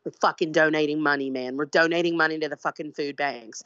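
A woman's voice: low-pitched, fairly even intonation, quick pace, a bit bright, no echo. A brash woman artist talks in a loose interview, swearing freely and hammering her points home. Her voice has a dull, lo-fi quality in a dry, close space. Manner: profane, brash, emphatic. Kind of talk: casual conversational interview.

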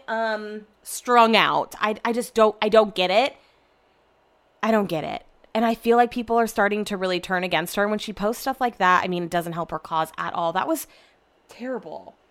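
A young woman chatting casually to her camera at home, animated and swearing freely as she tells stories. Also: fairly high pitch. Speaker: vlogger. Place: home room.

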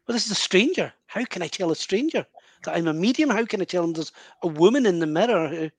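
High-voiced man telling a story. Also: fast, breathy edge, no echo. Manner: animated, vivid anecdotal storytelling with self-interruptions. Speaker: spiritual medium guest. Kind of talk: storytelling in conversation.

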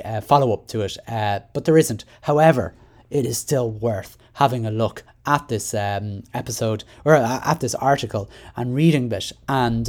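Irish man, mid-pitched voice, solo podcast host, chatty, rambling, lots of fillers. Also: a little mellow. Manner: chatty, many fillers and restarts. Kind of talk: solo education podcast commentary.

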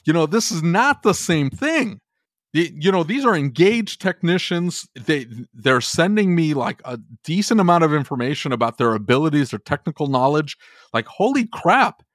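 A man with a fairly high voice that swings wildly up and down as he vents, exasperated and heated, swearing in a casual way. His voice is close and dry, with no room sound around it. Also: very animated, normal speed, a bit bright, no room sound. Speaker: podcast co-host. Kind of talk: animated ranting podcast conversation.

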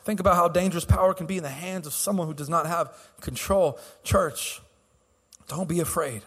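Impassioned high-voiced male pastor preaching. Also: a little fast, husky, big-room sound. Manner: impassioned, swings from soft to loud, repeats words. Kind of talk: sermon. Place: church sanctuary.

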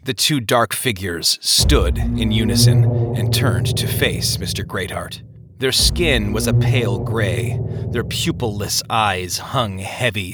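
A man reading a story aloud as narrator, with an expressive delivery. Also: lowish voice.

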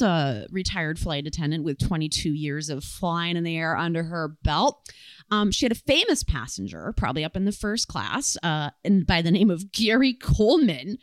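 A woman's voice: fairly low pitch, no echo. A woman co-hosting a podcast in casual, jokey chat, swearing freely. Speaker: podcast co-host.

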